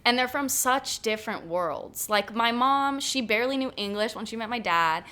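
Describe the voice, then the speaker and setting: A woman in her late twenties co-hosting a podcast, chatting in a lively way and telling stories with frequent laughter. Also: a little high, normal speed, smooth. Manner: lively, laughs often, animated storytelling. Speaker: podcast co-host. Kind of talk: casual chat.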